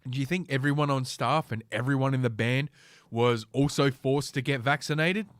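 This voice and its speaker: Profane, rambling middle-aged podcast host. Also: male voice, medium pitch, normal speed, clear, resonant tone, no echo, clean studio sound. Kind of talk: casual solo podcast rant.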